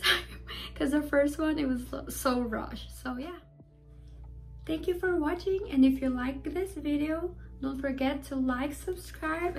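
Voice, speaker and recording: A young woman vlogger tells her story in a breathless, rambling way, full of fillers. Her voice sits high, and faint background music plays beneath her. It is casual chat straight to camera. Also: vocal fry. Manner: rambling and excitable, many "like"s. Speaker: fan vlogger.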